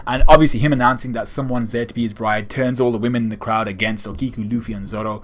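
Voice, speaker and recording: A man's voice: mid-range voice, fairly even intonation, fast. A young man giving a casual, rambling chapter review of a manga, retelling scenes and slipping into quoted lines.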